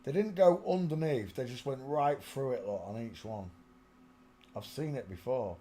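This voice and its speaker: A man with a warm, mid-range voice at a moderate pace runs his own channel. Browsing photos, he talks casually, mutters to himself, and half-sings between remarks, speaking into a small desk mic close in front.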